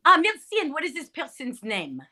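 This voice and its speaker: Middle-aged woman, bright voice, chatty interview guest, fillers and self-corrections. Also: high voice, huge pitch swings, a little fast. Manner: chatty, many fillers and restarts. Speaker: actress guest. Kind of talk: casual interview chat.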